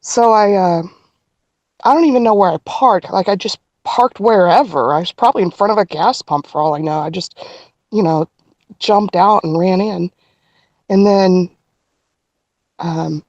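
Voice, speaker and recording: A middle-aged woman telling a personal story as a podcast guest, earnest and halting, with frequent restarts. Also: mid-range voice, a little mellow, dry recording.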